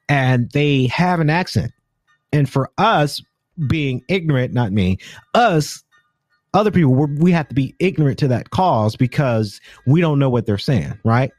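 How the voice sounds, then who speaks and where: A man's voice: medium pitch, darkish tone, no room sound. American male podcast host, mid-range voice, loose rambling delivery full of restarts, dry close recording. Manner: rambling, stumbles and corrects himself often. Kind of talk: casual tech news commentary.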